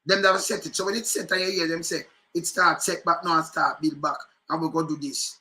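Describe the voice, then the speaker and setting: A Jamaican man talks over political clips in loose, animated patois, circling back to repeat his points. His voice sits high and rings very bright and sharp. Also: fairly quick. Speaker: political commentator. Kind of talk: casual commentary on news clips.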